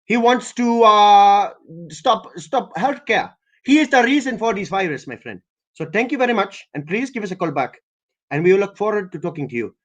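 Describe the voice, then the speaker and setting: Man playing an odd polite male prank caller, raised pitch, stiff formal phrasing. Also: expressive, moderate pace. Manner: formal, repeats "my friend".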